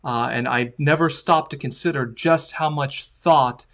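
A man's voice: mid-range voice, unhurried, fairly bright tone. A man, a priest, thanking the speaker and opening a question-and-answer session. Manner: gracious and appreciative. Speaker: priest moderating Q&A. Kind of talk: moderating a Q&A.

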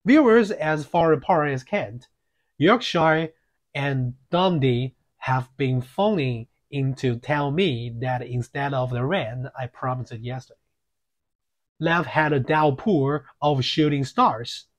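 A man's voice: medium pitch, slow pace. A man reading an audiobook, voicing a cheerful TV weatherman with chatty on-air patter. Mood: breezy.

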